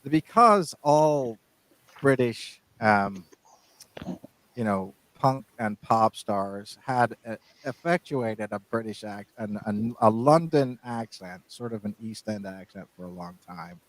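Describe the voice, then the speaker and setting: A man's voice: fairly low pitch, animated, slow pace, poor audio. A man co-hosting a casual podcast, rambling and often restarting his sentences. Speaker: podcast co-host.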